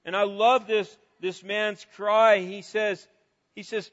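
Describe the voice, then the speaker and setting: A high-voiced man preaching an earnest sermon. He stumbles over repeated words and builds to loud cries. His voice rings out in a big hall with a long tail of reverb and sounds a little dull. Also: level tone, takes it slowly. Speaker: pastor.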